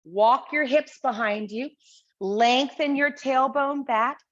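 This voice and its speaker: A woman teaching a chair exercise class, calmly and steadily cueing each breath and movement. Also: sits high, slow pace. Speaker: Pilates instructor. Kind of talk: guided exercise class instruction. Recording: slightly dull lo-fi sound.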